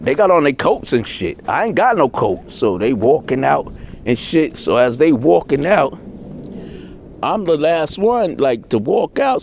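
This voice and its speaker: A middle-aged man telling a rough jail story in casual street talk, swearing constantly and acting out the people he quotes. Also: mid-range voice, slight background noise. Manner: animated, swears constantly, voices characters in quotes.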